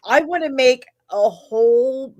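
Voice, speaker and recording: A woman hosting a podcast, chatting in a quick, excitable way and laughing often. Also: high voice, dull audio. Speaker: podcast host. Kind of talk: casual podcast chat.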